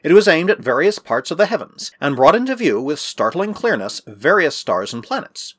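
A man narrating an adventure story with a measured, expressive delivery. His voice runs slightly high for a man and rises and falls animatedly. The recording is close and dry. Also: slightly rough, no room sound. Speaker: audiobook narrator.

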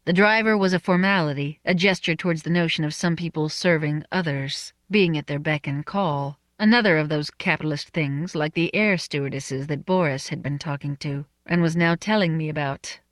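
A narrator reading a first-person novel in a measured, soft-spoken way. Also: medium pitch, no room sound, studio quality. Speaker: audiobook narrator.

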